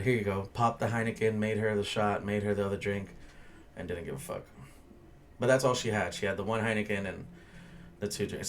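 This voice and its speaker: A young man rants about his bartending shift in a loose, foul-mouthed podcast style, blunt and exasperated as he swears freely. His voice sits a little low, and a faint hum of ambience runs beneath the recording.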